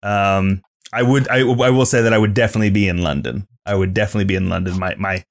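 A man co-hosting a casual podcast chat, jokey and quick to laugh at himself. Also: on the low side, fairly even intonation. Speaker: podcast co-host.

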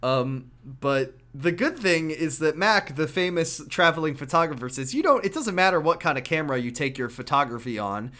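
A man in casual chat recapping a video game, lively and acting out character lines as he goes. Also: a little high, normal speed, hardly any pauses. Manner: animated, acts out character lines.

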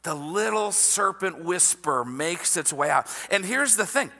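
A man preaching a sermon in an animated, conversational way, often checking in with his listeners. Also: high voice, measured pace, big-room sound. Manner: animated, conversational, asks the audience "right?". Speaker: pastor.

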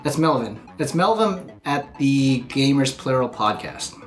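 A man's voice: mid-range voice, animated, measured pace, faint music behind. A man hosting a casual podcast, reading listener messages aloud and laughing often. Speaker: podcast host.

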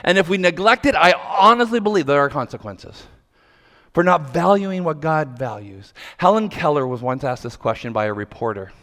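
A male pastor preaching a sermon, telling a lively story and acting out the voices of the people in it. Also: fairly high pitch, normal speed. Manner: animated, acts out quoted voices. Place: large church hall. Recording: long hall reverb.

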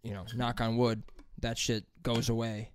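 A man's voice: mid-range voice, little pitch movement, normal speed, smooth, no room sound. Young man rambling through crude anecdotes. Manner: rambling, laughing, crude storytelling. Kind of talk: casual chat.

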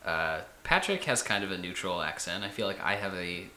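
Low-voiced chatty young podcast host, echoey. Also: male voice, expressive, a little fast, pushed and bright, a little hiss or hum. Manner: chatty, rambling, laughs at himself. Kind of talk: casual podcast chat.

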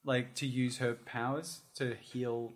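A man's voice: mid-range voice, little pitch movement, slow pace. A man chatting casually about a film, rambling with lots of fillers and acting out quotes. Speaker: film discussion participant. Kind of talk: casual chat.

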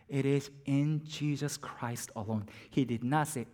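Preacher swinging from hush to fervor. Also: male voice, medium pitch, unhurried, hardly any pauses. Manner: dynamic, drops to near-whispers and rises to emphatic peaks. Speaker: pastor. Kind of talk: sermon.

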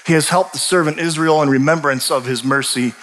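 A man preaching a sermon, animated and emphatic, often restarting his sentences. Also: fairly high pitch, a little fast. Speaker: pastor and teacher. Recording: long reverb of a large hall.

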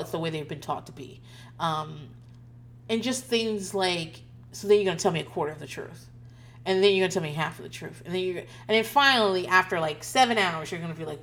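Laughing, swearing mother telling stories. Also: fairly low pitch. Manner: laughs often, swears, animated retelling with quoted voices. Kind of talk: casual storytelling monologue.

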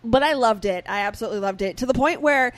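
A woman's voice: a little high, fast, dry recording. A woman co-hosting a podcast, chatting casually with plenty of fillers and the odd swear. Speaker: podcast co-host. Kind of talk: casual chat.

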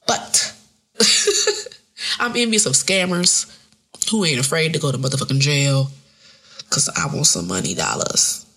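Woman podcast host, thirties, profane and joking, gravelly and husky, very lively pitch. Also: unhurried, pauses often. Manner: profane, joking, rambling and animated. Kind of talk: casual solo podcast monologue.

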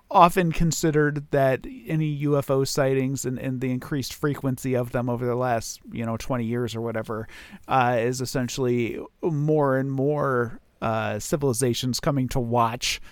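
A man's voice: mid-range voice, fairly even intonation, measured pace, smooth, dry recording. Rambling, chatty man on a podcast. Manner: rambling, lots of fillers and restarts, laughs easily. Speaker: podcast co-host. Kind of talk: casual chat.

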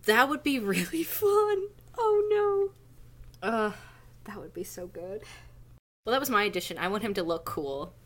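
A young woman chatting on a casual podcast with a mid-range voice. She is animated and quick to laugh, and she lets out theatrical groans of mock despair. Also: mid-range voice. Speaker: podcast co-host. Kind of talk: casual chat.

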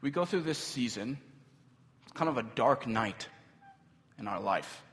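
A man preaching in a large hall where his voice rings out with a long reverb. His pitch swings widely as he tells a story, then he turns to the congregation with asides. He sounds like a pastor in his thirties. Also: a little slow. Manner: animated storytelling with asides to the audience. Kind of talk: sermon. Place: church hall.

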